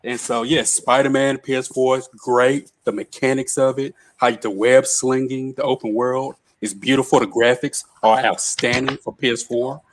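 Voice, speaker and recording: Man, mid-pitched voice, casual game talk, blunt and joking. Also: steady tone, moderate pace, few pauses. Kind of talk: casual gaming chat.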